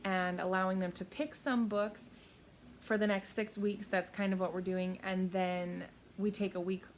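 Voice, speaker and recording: A woman's voice: medium pitch, little pitch movement, moderate pace, a little hiss or hum. Chatty woman vlogging a book haul. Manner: chatty, upbeat, many fillers and restarts. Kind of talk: casual book haul chat.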